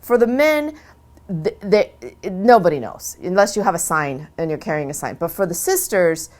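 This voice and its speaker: Woman rambling along, animated, lots of restarts and asides. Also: on the low side, normal speed. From USA. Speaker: convert sharing her story. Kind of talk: casual testimony.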